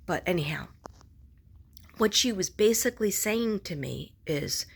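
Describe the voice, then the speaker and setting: A woman with a fairly low voice talks casually to her camera as a vlogger and psychic reader. She rambles, restarts her sentences and wanders into asides. Now and then she sinks into a soft near-whisper. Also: lively intonation, measured pace, creaky, slightly rough.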